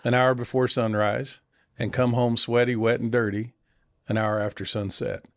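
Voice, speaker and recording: A man's voice: mid-range voice, level tone, moderate pace, no room sound, close to an everyday voice. A man voicing his sweet drawling old grandmother. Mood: bemused. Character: older woman, sweet-natured farm grandmother.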